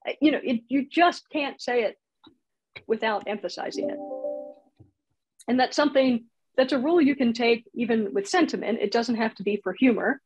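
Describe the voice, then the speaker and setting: A woman's voice: a little high, moderate pace, a little mellow, faint music behind, poor audio. A woman teaching comedy writing in a casual online workshop, chatty and laughing at her own examples, heard over a video call.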